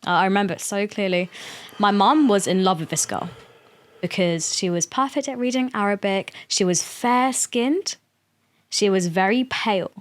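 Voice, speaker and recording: A woman's voice: mid-range voice, normal speed. A young woman, a podcast guest, chatting casually, laughing often and swearing freely as she acts out her mother in quotes.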